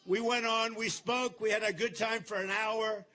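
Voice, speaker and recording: An older man giving a campaign rally speech in a large venue, boastful and repetitive, turning to the crowd with asides and shouted slogans. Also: high voice, steady tone, moderate pace. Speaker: political candidate.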